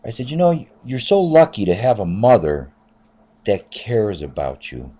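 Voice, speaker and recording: Low, mellow-voiced man in his fifties telling a story. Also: huge pitch swings, measured pace. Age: 50s. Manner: rambling, repeats "I said" and "uh". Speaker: taxi driver. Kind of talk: casual spoken storytelling.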